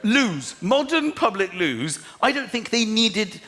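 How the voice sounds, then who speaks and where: An English man performing a stand-up comedy routine, acting out voices and bursting into excited shouts. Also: high-pitched, takes it slowly. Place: comedy stage before a live audience. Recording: live stage audio with loud crowd laughter.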